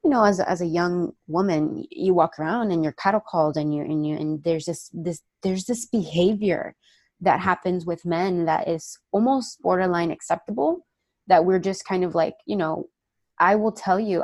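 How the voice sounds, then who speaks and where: A young woman from Miami, an actress, telling personal stories in a candid interview, animated and full of fillers. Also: on the low side, dry recording. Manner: animated storytelling, many fillers, acts out quoted voices. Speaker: actress guest.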